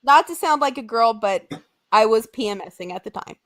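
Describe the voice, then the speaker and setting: A woman's voice: a little high, brisk. A woman in her twenties co-hosting a podcast, telling stories in casual chat and acting out what people said. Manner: animated, dramatic storytelling with acted-out quotes. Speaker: podcast co-host.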